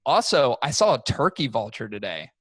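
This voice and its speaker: A young man, a podcast co-host, telling a profane, animated story in casual chat. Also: medium pitch, normal speed, no echo.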